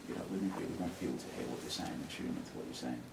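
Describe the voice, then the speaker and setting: A British man and radio DJ, speaking as a guest to a class about presenting, animatedly acting out examples and shifting his loudness. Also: deep voice, animated, racing, creaky, background noise. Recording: roomy classroom, distant mic, music behind.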